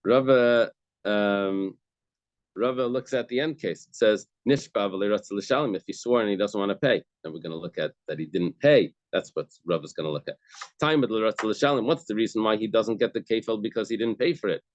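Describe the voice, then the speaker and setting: A man's voice: fairly low pitch, fairly quick, dry recording. A man teaching a Talmud class, explaining each case step by step and repeating key phrases. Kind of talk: daf yomi class explanation. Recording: dull, dry lo-fi recording.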